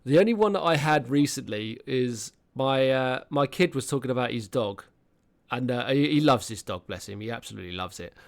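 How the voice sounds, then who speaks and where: A man's voice: mid-range voice, expressive, brisk, gravelly. A British man in his thirties chatting casually on a podcast, telling rambling stories and swearing freely. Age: 30s. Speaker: podcast co-host. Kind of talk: casual chat.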